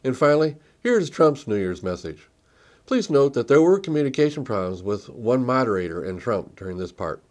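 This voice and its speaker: A male host presents from a script, introducing each clip in turn. His intonation is lively and varied. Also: medium pitch, moderate pace. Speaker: commentary show host.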